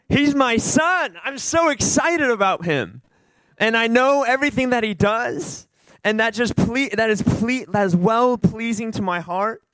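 A doting fatherly God, emphatic and openly proud of his children, as a man puts him on. The voice sits high for a man and sounds close and dry, with no room around it. It boasts with warmth rather than booming. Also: slow, pauses often, no echo.

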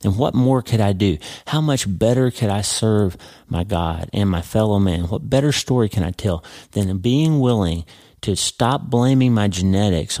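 A man's voice: low voice, a little mellow, dry recording, studio quality. A man hosting a podcast, giving an earnest devotional teaching and speaking to the listener as a friend. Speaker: podcast host.

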